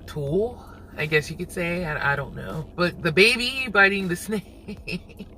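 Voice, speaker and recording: A man hosting his own reaction channel, musing aloud in casual commentary and quick to laugh. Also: sits high, bright, forceful tone, slight background noise, low-quality recording.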